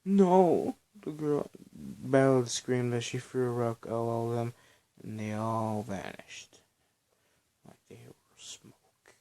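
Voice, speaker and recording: A man reading his own story aloud on a phone recording, halting, with small slips. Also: medium pitch, flat delivery, darkish tone, clear, resonant tone.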